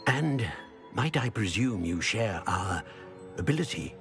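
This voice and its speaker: A grave, formal professor seer. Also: male voice, fairly low pitch, animated. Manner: measured, formal. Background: game music.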